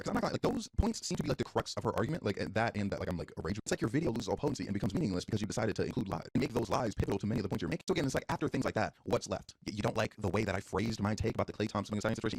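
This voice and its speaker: Young guy streamer yapping super fast, voice jumping all over, kinda husky. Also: mid-range voice, no echo. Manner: fast, animated, heavy use of "like". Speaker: streamer and YouTuber. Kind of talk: casual live-stream rant.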